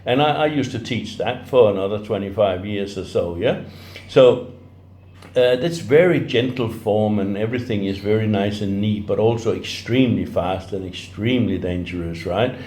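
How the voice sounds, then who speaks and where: A man's voice: fairly low pitch, normal speed, a little mellow. A middle-aged man giving life-coaching advice in a rambling, casual way, restarting his sentences and adding "right?" to them. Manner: rambling, with frequent restarts and tag questions. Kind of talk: casual spoken advice talk. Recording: roomy echo.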